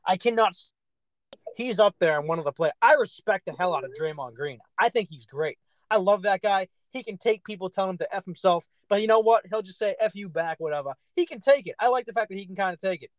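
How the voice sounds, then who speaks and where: A man co-hosting a sports podcast, ranting in an animated, profane way. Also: high voice, quick pace, no echo, rough recording. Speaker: podcast co-host. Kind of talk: casual sports chat.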